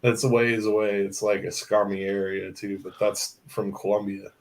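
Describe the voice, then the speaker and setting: In a rough recording, a podcast host with a lowish voice speaks at a moderate pace with a flat delivery. He chats casually, telling long, rambling stories packed with swearing and fillers.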